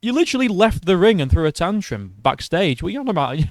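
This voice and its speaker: A man's voice: high-pitched, sing-song, quick pace, no room sound. A man giving blunt, profane reaction commentary on boxing.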